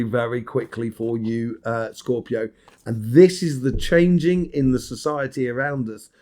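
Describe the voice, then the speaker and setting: A man talks through a weekly tarot reading at a middling pitch. He wanders from thought to thought, stops and restarts with plenty of ums. His tone stays encouraging as he addresses the listener directly. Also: darkish tone. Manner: meandering, with many fillers and restarts; encouraging, speaks straight to the listener. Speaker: tarot reader.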